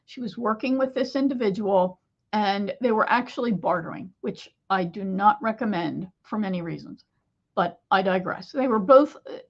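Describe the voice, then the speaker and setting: A woman business coach talking to camera, telling a client story with animated, lively asides. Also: mid-range voice, normal speed, lo-fi sound. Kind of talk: solo talk to camera.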